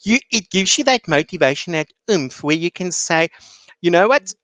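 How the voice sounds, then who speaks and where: A woman's voice: lowish voice, normal speed, no echo. Chatty South African woman, dry sound. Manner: lively storyteller, fillers like "you know", acts out quotes. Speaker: guest, online teacher. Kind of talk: casual studio chat.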